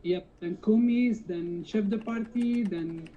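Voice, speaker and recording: A woman from Algeria talks over a video call, pausing and hunting for words with plenty of fillers. Her voice is dark and mellow, and the line is dull and lo-fi. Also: medium pitch. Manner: halting, searching for words with many fillers. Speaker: guest, junior chef. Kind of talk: casual call-in interview.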